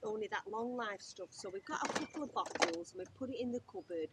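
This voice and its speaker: A woman's voice: mid-range voice, fast. Middle-aged woman, chatty travel vlogger, lots of background noise. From England. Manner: chatty, exclamatory, laughs often. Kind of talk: casual chat. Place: outdoors by a motorhome.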